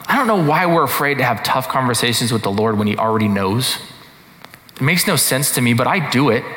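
A man's voice: mid-range voice, a bit bright. A man preaching a sermon in a conversational way, often checking in with rhetorical questions. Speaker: pastor. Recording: echoey hall reverb.

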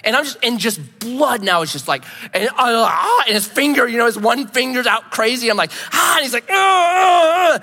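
Man, preacher, high lively voice, echoing hall. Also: fairly quick, few pauses. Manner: animated storytelling, acts out his own shouts. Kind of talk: sermon with a story. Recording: long hall reverb.

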